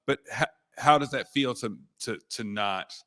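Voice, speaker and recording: A man's voice: mid-range voice, a little slow, pushed and bright, big-room sound. A man hosting a talk show, asking questions in a playful, teasing way and laughing often. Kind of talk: casual interview chat.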